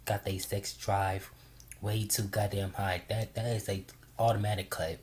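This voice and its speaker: A woman co-hosting a casual chat, blunt and quick to laugh. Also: extremely low pitch, little pitch movement, darkish tone.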